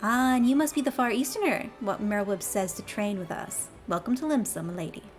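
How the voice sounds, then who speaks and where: A woman voicing a brash, rough-talking male pirate guild boss with a put-on American Southern accent, reading game dialogue aloud. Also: fairly high pitch, brisk, soft background music, natural voice. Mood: gruff teasing. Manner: gruff, bawdy, teasing.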